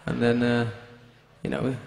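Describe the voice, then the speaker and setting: A man, a rock singer, telling a rambling, swear-filled story to a concert crowd between songs, sometimes shouting out to the audience, on a stage microphone. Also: mid-range voice, monotone, measured pace, creaky, a little hiss or hum. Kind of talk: onstage anecdote between songs. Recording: live concert audio with music behind.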